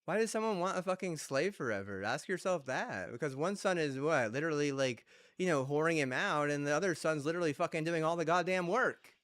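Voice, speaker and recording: Male game streamer, heated profane rant, keeps asking "and what?", slightly high voice. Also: expressive, fairly quick, few pauses, a bit bright. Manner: profane, heated rant with repeated rhetorical questions. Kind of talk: ranting chat while gaming.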